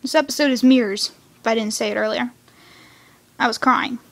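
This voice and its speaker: A teenage girl recapping a cartoon episode at home in a chatty, excitable rant, dropping now and then into whispered asides. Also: a little high, fairly quick. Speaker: fan reviewing a cartoon episode.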